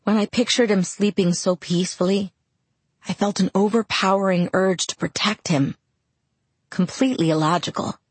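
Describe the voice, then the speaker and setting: Casting: soft-spoken female audiobook narrator, breathy tone, dry close-miked sound. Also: medium pitch, moderate pace, dry recording. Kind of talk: first-person novel narration.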